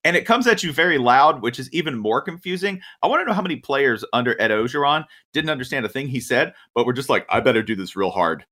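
A man with a middle-range voice talks sports on a podcast. He makes his points with emphasis in an easy, conversational style and often pauses for a "right?". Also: mid-range voice, animated, pushed and bright. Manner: emphatic, keeps asking "right?". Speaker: podcast co-host. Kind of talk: casual sports chat.

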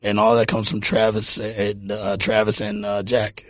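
A man's voice: fairly low pitch, monotone, unhurried, dry recording. A middle-aged man from Texas, a music producer telling stories in a casual interview and often repeating words as he talks. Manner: rambling, repeats words, warm anecdotal.

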